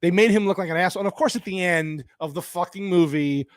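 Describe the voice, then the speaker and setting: A man's voice: high voice, quick pace, no room sound. A man giving a profane, exasperated movie review in a ranting style.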